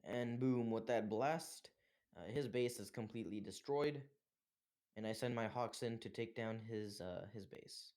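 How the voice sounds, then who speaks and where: A young man narrating his own strategy game match in a casual way, with many pauses and filler sounds. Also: medium pitch, darkish tone. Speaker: gameplay commentator. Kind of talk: gameplay commentary.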